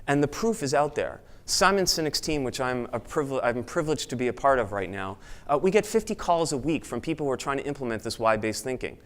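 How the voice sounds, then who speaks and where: A man speaks to an audience in an event room, delivering an energetic motivational talk. His voice sits in a middle pitch. Now and then he mimics excited chatter in a raised voice. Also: quick pace, hardly any pauses.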